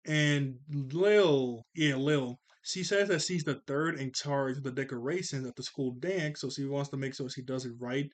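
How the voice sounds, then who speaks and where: A man's voice: medium pitch, normal speed, hardly any pauses. A young man giving a casual, playful recap of a cartoon episode, laughing often as he talks. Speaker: cartoon reviewer.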